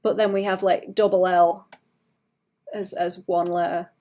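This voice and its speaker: A woman's voice: lowish voice, little pitch movement, measured pace, warm tone. A woman from Wales chatting casually on a livestream while she draws, thinking aloud with frequent restarts and fillers. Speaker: artist streaming while drawing.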